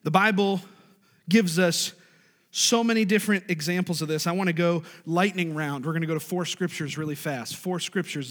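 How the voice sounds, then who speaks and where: A man preaching a sermon as a pastor, animated, with sudden loud, high bursts. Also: long reverb tail. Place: church sanctuary.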